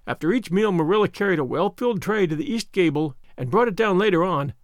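Male storybook narrator, high and lively, dry booth sound. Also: fast talker, no echo. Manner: expressive, animated. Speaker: audiobook narrator.

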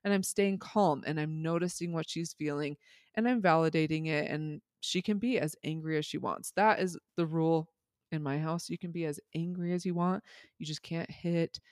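Gravelly-voiced man, podcast co-host. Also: fairly high pitch, normal speed, a little mellow, dry recording, studio quality. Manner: reflective, explains with examples and asides. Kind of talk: casual parenting podcast chat.

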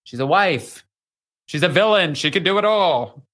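A man's voice: fairly high pitch, moderate pace. A man in his thirties from Austin, Texas, a guest on a podcast, chatting casually and acting out quoted voices as he tells stories. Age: 30s. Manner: animated storyteller who acts out quoted voices. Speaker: podcast guest, magazine writer. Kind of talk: casual pop-culture chat.

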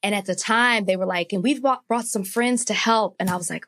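A woman co-hosting a podcast in casual chat, easygoing, telling stories and giving quick affirmations. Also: medium pitch, fairly bright tone. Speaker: podcast co-host.

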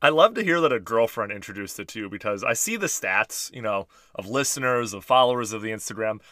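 A man hosting a podcast, reading sponsor notes and chatting with a guest in an upbeat way, quick to laugh. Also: lowish voice, lively intonation, bright, forceful tone, dry recording, studio quality. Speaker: podcast host. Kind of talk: casual podcast chat.

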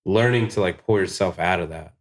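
A man's voice: low voice, brisk. A man, a guest tattoo artist, talking in a laid-back podcast chat, swearing freely and filling his speech with "like". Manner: laid-back, swears a lot, many "like" fillers. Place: tattoo shop podcast studio.

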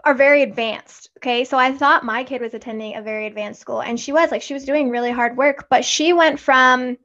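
A woman's voice: high-pitched, fairly even intonation, a little fast, a bit bright, muffled recording. A woman co-hosting a podcast in casual chat, talking at length in a chatty way and acting out the lines she quotes. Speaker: podcast co-host.

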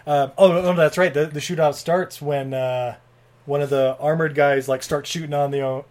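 A man's voice: on the high side, steady tone, normal speed, darkish tone. A man co-hosting a podcast, recapping a movie in a casual, laid-back way, swearing and laughing often. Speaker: podcast co-host.

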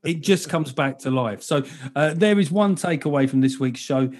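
Swearing comedian host, fairly high voice. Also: male voice, normal speed, a little mellow. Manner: swearing, rambling, jokey. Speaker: podcast host. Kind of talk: casual comedic chat.

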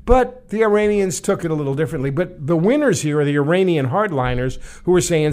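An older man from New York talks politics in a sardonic, storytelling way. His voice sits slightly high for a man. He trades jokes and anecdotes in a loose, casual chat. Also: lively intonation, fast talker, a little mellow. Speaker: show host, former congressman.

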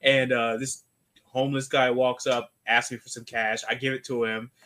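A man's voice: mid-range voice, little pitch movement, sharp tone. Joking male podcast co-host. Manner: quick joking asides. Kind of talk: casual chat.

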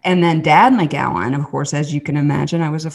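Southern woman with a deep voice, earnest storyteller acting out quotes, casual faith chat. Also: fairly even intonation, a little fast, gravelly. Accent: Southern American. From American South. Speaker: podcast host and guest storyteller.

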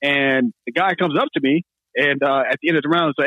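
Fast, animated male podcast storyteller. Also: on the high side, no room sound, narrow, tinny audio. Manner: animated, laughing storyteller, acts out quotes. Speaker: podcast host. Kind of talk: casual storytelling.

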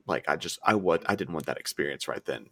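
A man's voice: a bass voice, expressive, fast talker, dry recording, studio quality. A man co-hosting a podcast, chatting casually in a laid-back, joking way that includes swearing. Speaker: podcast co-host. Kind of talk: casual chat.

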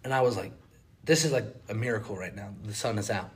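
Young Southern male co-host, casual storyteller, lively with quotes and sound effects. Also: fairly low pitch, quick pace, a little hiss or hum. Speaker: podcast co-host.

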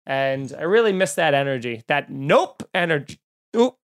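A man from Long Island hosts a podcast and tells a funny story in a loose, chatty way. He exaggerates for laughs and acts out the scenes. His voice sits high for a man. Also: moderate pace, clean tone. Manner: animated, exaggerated comic retelling. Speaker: podcast host. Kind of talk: casual comic storytelling.

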